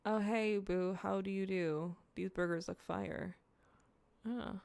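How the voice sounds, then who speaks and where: A woman's voice: medium pitch, steady tone, slow pace, vocal fry, a little mellow, clean tone, dry recording. A young woman streaming, chatting casually to her viewers while eating, rambling and swearing freely. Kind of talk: casual livestream chat, eating on camera.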